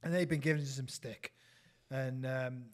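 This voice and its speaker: A man's voice: mid-range voice, fairly even intonation, a little slow. A man with an English accent telling rambling, laughing anecdotes in casual chat, swearing freely. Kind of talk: casual storytelling banter.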